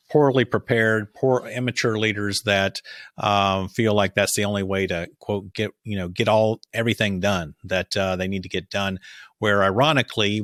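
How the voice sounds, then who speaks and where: A man's voice: lowish voice, a bit bright, dry recording, clean studio sound. A man hosting a podcast, talking in a thoughtful, affirming way with some fillers. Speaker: podcast host. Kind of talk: casual interview chat.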